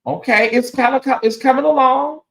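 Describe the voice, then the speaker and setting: Man, high voice, sleepy livestream host, chatty and emotional with viewers. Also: fairly even intonation, fairly quick. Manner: chatty, emotional, thanking donors by name. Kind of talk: casual livestream chat.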